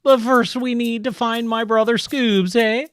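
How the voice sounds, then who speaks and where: A man voicing a goofy, laid-back young cartoonish guy in a game, in a high drawling slacker voice. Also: steady tone, unhurried, smooth.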